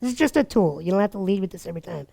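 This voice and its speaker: A man giving dating advice through energetic, animated stories, acting out what people said and laughing often. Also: sits high, racing, creaky. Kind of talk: animated storytelling talk.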